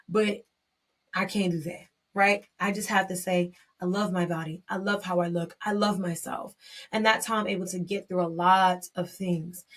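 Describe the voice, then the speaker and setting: A young adult woman hosting a podcast, reflecting candidly and emotionally in a personal monologue, often restarting her sentences and breaking into excited bursts. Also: lowish voice. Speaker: podcast host.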